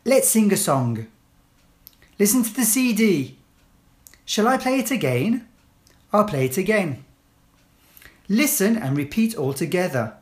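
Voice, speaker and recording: A woman reading classroom English phrases one at a time, clearly and deliberately, as a language teacher. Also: medium pitch, big pitch swings, a little mellow. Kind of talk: slow read-aloud list of classroom phrases.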